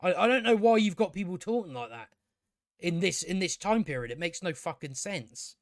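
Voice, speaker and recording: A man's voice: sits high, lively intonation, normal speed, no echo, studio quality. A man reviewing a TV episode in a rambling casual recap, sarcastic and profane, stumbling over restarts. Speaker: video reviewer.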